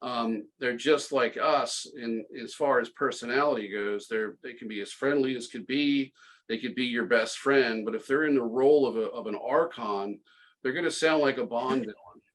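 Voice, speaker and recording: A man's voice: medium pitch, moderate pace, poor audio. Middle-aged male guest, casual sardonic storyteller, ordinary mid-range voice, stop-start delivery. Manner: sarcastic, tongue-in-cheek, many restarts. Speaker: podcast guest.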